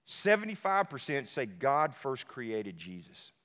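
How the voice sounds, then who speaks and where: A male pastor delivers a sermon with a sharp, forceful edge to his voice. He swings from low, hushed stretches to emphatic shouts. His words ring out with a long reverb, as in a large hall. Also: big pitch swings, unhurried.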